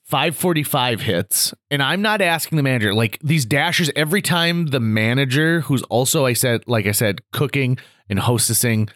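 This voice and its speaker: A man hosting a podcast, telling an anecdote in a casual chat and acting out other people's lines with quick asides. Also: medium pitch, animated, fairly bright tone, dry recording, studio quality. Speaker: podcast host.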